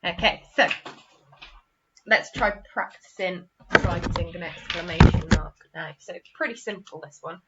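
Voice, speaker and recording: A woman's voice: fairly low pitch, a little slow, muffled recording, heavy background noise. A woman teaching a primary school literacy lesson, patiently repeating "okay?" and acting out example sentences with expression. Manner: patient, repeats "okay?" after each point.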